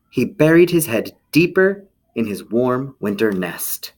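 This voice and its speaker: Playful, lively-voiced man teaching kids. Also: medium pitch, takes it slowly, hardly any pauses. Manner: enthusiastic, playful, talks to kids directly. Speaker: children's teacher. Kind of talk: children's video lesson and read-aloud.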